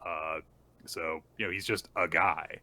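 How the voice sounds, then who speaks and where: Bright-voiced man recapping a story. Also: deep voice, a little slow. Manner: animated storytelling, acts out character lines. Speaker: podcast co-host. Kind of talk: casual chapter recap.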